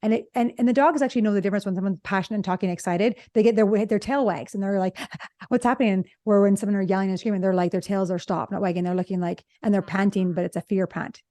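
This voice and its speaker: A woman couple therapist co-hosting a podcast, talking in an animated way and acting out example lines, recorded in her office. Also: medium pitch, quick pace, no room sound. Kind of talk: casual conversational podcast chat.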